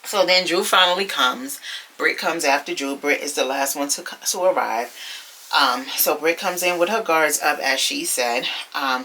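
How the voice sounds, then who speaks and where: A woman's voice: low-pitched, bright, forceful tone, slight background noise. A woman casually recapping a reality TV episode, chatty and sassy, talking straight to her viewers.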